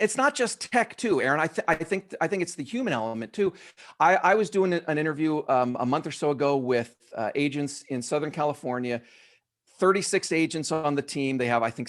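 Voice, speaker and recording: A man talking as a podcast guest, telling stories eagerly in casual chat, often restarting his sentences. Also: on the high side. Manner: eager storyteller, frequent restarts. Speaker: podcast guest, real estate editor.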